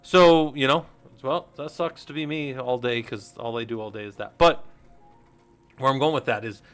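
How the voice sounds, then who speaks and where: A man's voice: medium pitch, normal speed, fairly bright tone, faint music behind. A middle-aged man hosting a casual teaching stream, rambling and interrupting himself, laughing at his own jokes. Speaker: host.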